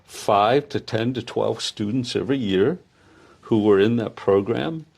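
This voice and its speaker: An older man who founded the program speaks in a relaxed interview, pausing often with fillers. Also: lowish voice, gravelly, slightly rough. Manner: hesitant, many filler pauses. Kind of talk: conversational interview.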